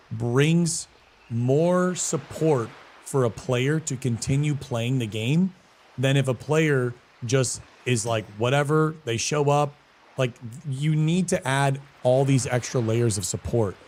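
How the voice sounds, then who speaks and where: A man live-streaming a game, chatting casually with viewers in a slangy, animated way and answering chat messages. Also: medium pitch. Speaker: streamer and guild leader.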